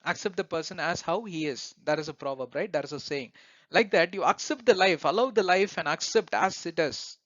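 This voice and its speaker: A man with a slightly high voice giving an earnest motivational talk for his self-help channel. He speaks with loose, non-native phrasing, fillers and restarts, and keeps checking in with his listeners. The recording is dry and dull, with a lo-fi edge. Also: a little fast, fairly bright tone, dry recording. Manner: earnest, repetitive, asks listeners "right?".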